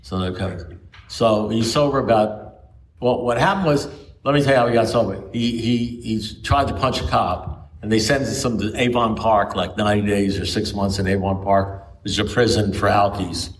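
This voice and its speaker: A man with a fairly low-pitched voice and moderate pace shares rambling anecdotes with a recovery group, restarting often. It was recorded in a meeting room on a distant mic.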